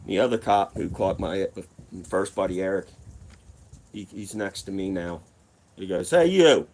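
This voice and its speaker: A man's voice: sits low, a little slow. Profane, rambling man. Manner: profane, rambling, animated retelling. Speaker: vlogger telling a personal story. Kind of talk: casual storytime monologue.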